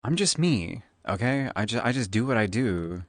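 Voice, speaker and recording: A man's voice: lowish voice, moderate pace, no room sound, studio quality. Flamboyant tipsy streamer guy. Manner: flamboyant, animated; Valley Girl lilt. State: tipsy from drinking. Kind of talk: casual stream chat.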